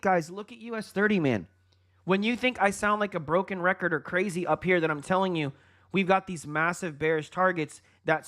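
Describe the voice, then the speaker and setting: A man with a slightly high voice hosts a live trading stream and calls the market as it moves. He talks straight to his viewers as "guys" and "folks", hyped and excited, and often breaks into laughter. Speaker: livestream trading host.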